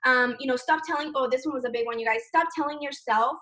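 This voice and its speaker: A woman's voice: high voice, fast talker, fairly bright tone, distant mic. A woman leading a sales team, chatting casually and enthusiastically, often saying "you guys" and swearing lightly. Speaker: team leader in direct sales. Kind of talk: casual motivational chat.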